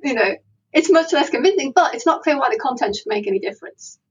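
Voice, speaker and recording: Woman panelist, husky, slightly high, animated, heard set back from the mic. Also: fast, far from the mic, lo-fi sound. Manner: lively, animated, laughs often, quotes imagined voices. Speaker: philosophy panelist. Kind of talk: casual academic discussion.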